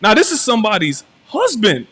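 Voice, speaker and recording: A man's voice: high voice, wildly swooping pitch, fairly quick, a bit bright, breathy edge. A man who owns a cafe, telling a story with emphatic, preachy delivery in a live-stream conversation. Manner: storytelling, preachy, rising and emphatic when making a point. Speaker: cafe owner and motivational speaker.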